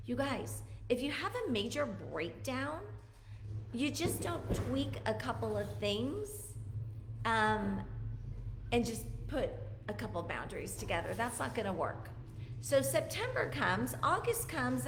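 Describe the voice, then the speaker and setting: A woman's voice: mid-range voice, gravelly, reverberant. A woman talking earnestly and emotionally to her viewers about her own struggles, often repeating words for emphasis. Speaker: vlogger. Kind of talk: personal confessional talk to camera.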